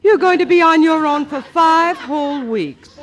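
A woman's voice: sits high, normal speed, heavy background noise. A woman speaking with a dry, teasing delivery in a 1940s radio comedy. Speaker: comedy show co-host.

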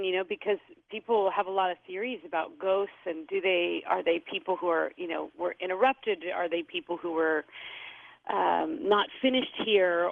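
Woman author on a tinny phone line, gravelly voice, thoughtful and hesitant. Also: lowish voice, no room sound. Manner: thoughtful, with many fillers and restarts. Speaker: author guest. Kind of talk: radio interview. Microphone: telephone.

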